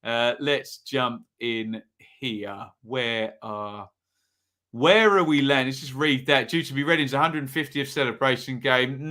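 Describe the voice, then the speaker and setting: A man's voice: medium pitch, pushed and bright, smooth. A man hosting a live football predictions stream, chatting casually and reading viewers' comments. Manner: chatty, asks chat for predictions, reads comments aloud. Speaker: football preview host.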